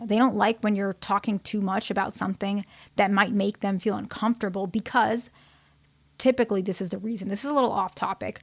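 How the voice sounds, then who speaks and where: A woman's voice: mid-range voice, gravelly. A woman therapist giving casual relationship advice to her viewers. She talks conversationally, often checks in by asking "okay?" or "right?", and corrects her word choices as she goes. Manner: corrects herself mid-sentence while searching for words.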